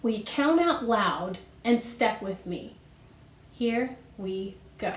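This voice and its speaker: A woman's voice: mid-range voice, expressive, slow pace, echoey room, slight background noise. A woman music teacher giving a recorded lesson to children, explaining patiently step by step and counting beats aloud.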